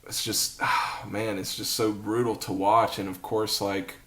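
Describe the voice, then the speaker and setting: A man hosting a podcast, chatting in a relaxed, casual way with frequent fillers. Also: on the low side, measured pace. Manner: relaxed, friendly filler words like "dude" and "you know". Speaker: podcast host. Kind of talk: casual conversation.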